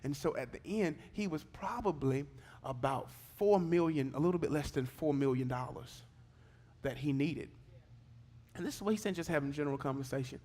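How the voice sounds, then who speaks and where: A man preaching a sermon in church, moving between relaxed storytelling and fervent exhortation. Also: a little high, moderate pace. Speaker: pastor. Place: church service.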